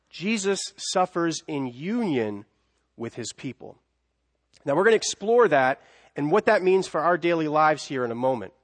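Male preacher, high voice, dramatic delivery from loud to hushed, long hall echo. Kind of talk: sermon.

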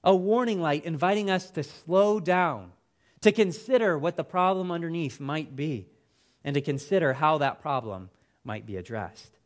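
A man preaching a sermon, with an expressive, emphatic delivery whose phrases fall away at the ends. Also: on the high side, normal speed.

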